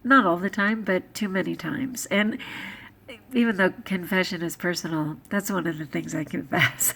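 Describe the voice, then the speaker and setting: A soft-spoken middle-aged woman reflects aloud in a relaxed vlog. Her voice has a gravelly, fry-tinged texture and sits at an ordinary pitch for a woman. At times her musing talk sinks into a hush. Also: moderate pace. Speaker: vlogger; teacher.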